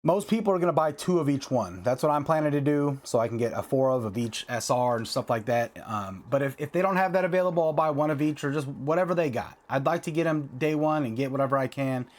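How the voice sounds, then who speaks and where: A man's voice: mid-range voice, quick pace, hardly any pauses. A man hosting a card-game video, talking casually and ranting heatedly, with lots of fillers and repeated phrases.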